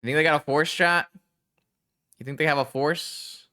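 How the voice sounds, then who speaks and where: A man giving casual live-stream gameplay commentary, thinking aloud and talking to his chat in a chatty, excitable way. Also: on the high side, normal speed, clean tone.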